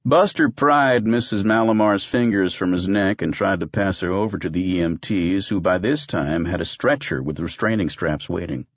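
A man with a very deep, low voice reads a story aloud with wry, dry humor. The recording is dull and lo-fi, with no room echo at all. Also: normal speed, few pauses. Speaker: audiobook narrator. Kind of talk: scripted narration.

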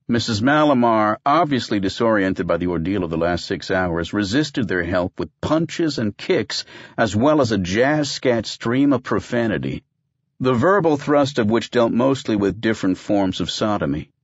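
A man's voice: lowish voice, lively intonation, moderate pace, dry recording, dull audio. A man narrating a story in a wry, dryly comic manner. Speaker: audiobook narrator. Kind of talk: scripted narration.

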